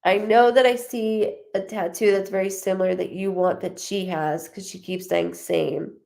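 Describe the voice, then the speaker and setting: Young woman, medium at a live reading, gravelly fry, chatty and animated. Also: mid-range voice, moderate pace. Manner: chatty, animated, laughs often, quotes the spirit in a lively voice. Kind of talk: live psychic reading, casual chat.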